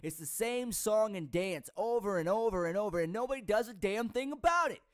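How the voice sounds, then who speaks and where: Angry guy lecturing his viewers in a vlog rant, kinda high pitched, dry mic. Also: expressive, brisk, no echo. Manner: frustrated, heated, lecturing. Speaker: vlogger. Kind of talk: ranting video commentary.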